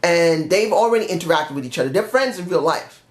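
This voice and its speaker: A man's voice: a little high, lively intonation, a little fast. Rambling man in an echoey room. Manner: rambling, self-correcting. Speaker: fan pitching a wrestling storyline. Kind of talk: casual rambling commentary. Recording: roomy echo.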